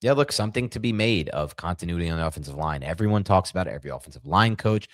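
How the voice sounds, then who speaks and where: A man with a very low, deep voice co-hosts a casual sports talk show, rambling with animated asides and quick jokes. The sound is dry and close, with no room echo. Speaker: podcast co-host.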